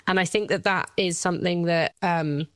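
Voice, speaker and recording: A woman's voice: on the low side, steady tone, moderate pace, dry recording. A woman in her thirties, a guest mother speaking candidly about her daughter, at times tearful, with light laughs. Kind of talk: emotional personal interview.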